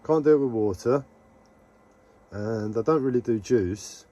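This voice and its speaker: A man live streaming a rambling, casual monologue to his viewers, halting often and talking to himself. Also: mid-range voice, dark tone. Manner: meandering, halting, talks to himself.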